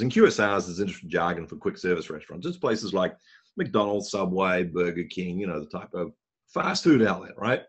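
A man presenting a marketing webinar, telling a story and acting out the dialogue, often clearing his throat. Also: low voice, sing-song, a little fast.

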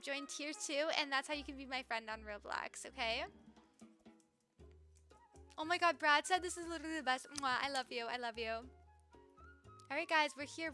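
A woman's voice: sits high, pushed and bright. A young woman live streaming a video game, chatting bubbly with her viewers and greeting them while she plays. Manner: bubbly, chatty, reads viewer comments aloud. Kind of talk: live gameplay stream chat.

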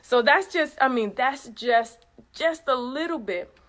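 A woman's voice: sits high, expressive, a little slow, fairly bright tone. A woman organizing a retreat, chatting casually as she reads messages aloud and adds effusive praise exclamations. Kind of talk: casual recap vlog.

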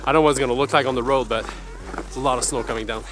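A man's voice: medium pitch, fairly even intonation, rapid-fire, over music. A man filming a family vlog outdoors in the snow on a handheld camera, talking in a playful, teasing way and laughing often. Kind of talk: casual vlog chat. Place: outdoors at a forest ice rink in snow.

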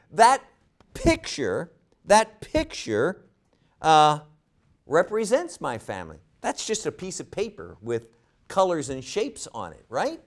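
A man's voice: on the high side, wildly swooping pitch, slow pace, long pauses. A man teaching a Bible study lecture, often asking rhetorical questions and repeating words as he thinks.

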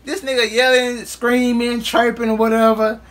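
A man's voice: very high-pitched, level tone, moderate pace, fairly bright tone. A man vlogger telling a casual storytime in loose, profane street talk, acting out what others said.

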